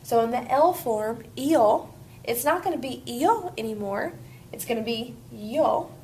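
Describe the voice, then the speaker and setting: A woman teacher leads a grammar lesson step by step, upbeat and encouraging. Her voice sits a little high, with a gravelly fry at the ends of her phrases. A faint background noise runs under the recording. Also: lively intonation, normal speed, darkish tone. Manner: upbeat, walks students through steps. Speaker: Spanish teacher.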